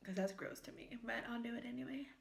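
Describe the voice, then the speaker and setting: This young American woman's voice is a little high, quick and gravelly as she eats and talks in her kitchen for a casual mukbang vlog. Her stories ramble and lean heavily on fillers, and the recording has an echoey room sound.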